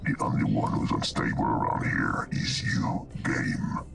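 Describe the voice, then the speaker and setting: An actor playing an unstable, mocking male computer glitch in a video game, with a gravelly, sneering voice. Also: a little slow, natural voice. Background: game music.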